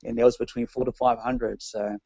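A man's voice: medium pitch, flat delivery, fairly quick, warm tone, no room sound, lo-fi sound. Chatty New Zealand man, dry studio sound. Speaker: radio co-host. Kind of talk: casual radio banter.

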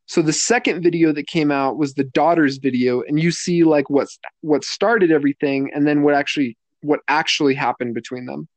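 Higher-voiced man explaining, dry sound. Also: steady tone, normal speed, hardly any pauses, no room sound. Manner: explains carefully, restarts and clarifies. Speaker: podcast co-host. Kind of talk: casual commentary chat.

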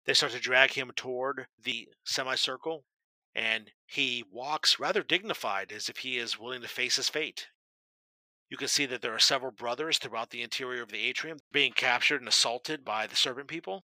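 A man's voice: mid-range voice, normal speed, sharp tone, no echo, poor audio. A man narrating a tabletop game as game master, describing scenes vividly and dramatically.

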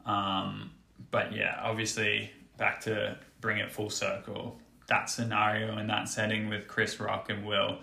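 A man talking in casual chat, halting and filled with "like". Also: lowish voice, completely flat delivery, vocal fry, bright, forceful tone, echoey room.

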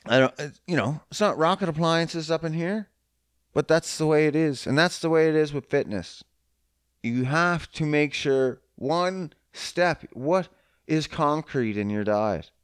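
A man's voice: on the high side, a little slow, clean tone, no room sound, studio quality. A man talking casually and crudely about fitness and diet, rambling and joking, acting out both sides of conversations. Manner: crude, rambling, joking, voices others in quotes. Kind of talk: casual profane monologue.

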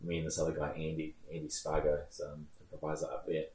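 A man's voice: a bass voice, fast talker, a little hiss or hum. A man in his thirties with a New Zealand accent, rambling through stories in casual chat. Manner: rambling, animated, laughs while telling stories. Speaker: guest. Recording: roomy echo.

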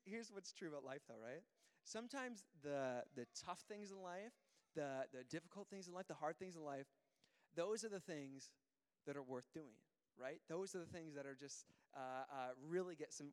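A man's voice: fairly high pitch, clean tone. A man in his thirties, a pastor giving a casual sermon, telling stories with lots of fillers and restarts. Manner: chatty, storytelling, many fillers and restarts. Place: church auditorium. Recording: long hall reverb.

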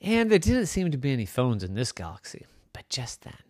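A man spinning an improvised bedtime story, his voice swinging up and down playfully. There is a gravelly fry in it, and the sound is close and dry. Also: on the high side, very animated, moderate pace, no echo. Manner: playful, swinging sing-song delivery.

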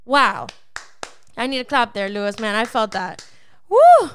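A woman's voice: mid-range voice, moderate pace, sharp tone, a little hiss or hum. A woman co-hosting a devotional Bible podcast, teaching in an emphatic, preacherly way and often checking in with the listener. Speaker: podcast co-host.

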